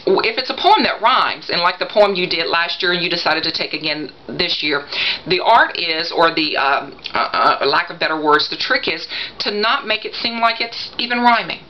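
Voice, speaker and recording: Chatty teasing mom, slightly dull sound. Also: female voice, lowish voice, normal speed. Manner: chatty, teasing, lots of fillers. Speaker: mother giving coaching advice. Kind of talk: casual vlog monologue.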